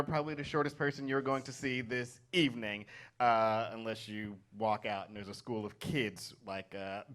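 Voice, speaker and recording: A man's voice: a little high, sharp tone. A man hosting a stand-up show from the stage, bantering playfully with the crowd between acts. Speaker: comedy show host. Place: comedy stage. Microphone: stage mic.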